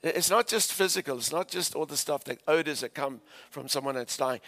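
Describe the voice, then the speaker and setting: A South African man in his fifties preaches to a church congregation, his voice a touch high. He tells stories animatedly, stumbling over restarts and laughing with the crowd. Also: fairly quick, few pauses, a bit bright. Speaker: pastor. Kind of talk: sermon storytelling. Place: church before a live audience.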